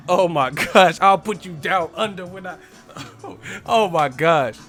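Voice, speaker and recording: A man with a slightly high voice riffs on a live stream, trading playful, boastful rap bars and cracking himself up between them. Faint music plays underneath him. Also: takes it slowly, a bit bright. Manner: playful, boastful, laughing at his own rhymes. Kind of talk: casual live stream chat, freestyle rapping.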